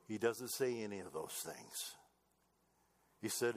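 A man preaching a sermon, building to raised emphasis and then dropping low and quiet. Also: lively intonation, a little slow. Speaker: pastor.

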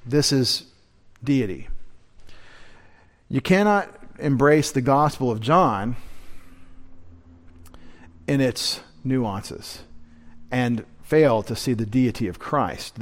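A man, a pastor, giving a midweek sermon in church, teaching in a lecturing way and rising in pitch and volume to stress key words, with wry asides to the congregation.

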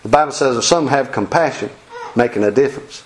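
A man's voice: medium pitch, a little fast, poor audio. A man preaching a folksy sermon, acting out quotes and laughing between points.

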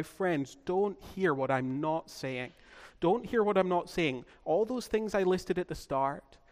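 A man's voice: a little high, big-room sound. Man preaching with repeated emphatic phrases. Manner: emphatic repetition of key phrases. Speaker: pastor. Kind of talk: sermon.

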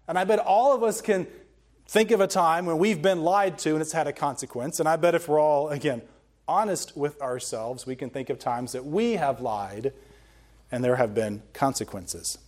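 A man's voice: on the high side, moderate pace, darkish tone. A man preaching a sermon, reading scripture aloud and then explaining it with earnest emphasis. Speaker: pastor.

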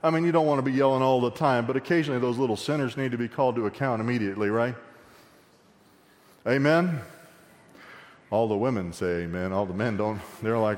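A man preaching an expository sermon in a conversational way, joking with the congregation and swinging between loud emphasis and quiet asides. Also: medium pitch, a little fast, long pauses, big-room sound. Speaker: pastor.

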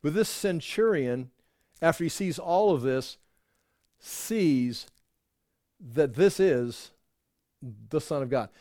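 A man's voice: fairly high pitch, expressive, takes it slowly, long pauses, a little mellow, no echo, studio quality. A man giving a conversational Bible teaching that wanders through restarts and rhetorical asides.

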